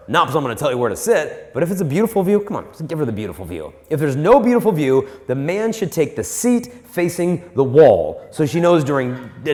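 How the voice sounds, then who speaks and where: A man's voice: fairly high pitch, a little mellow. A man giving a live, joking talk on dating to an audience in a large hall, acting out the people he quotes. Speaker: Catholic speaker on dating and marriage. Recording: long hall reverb.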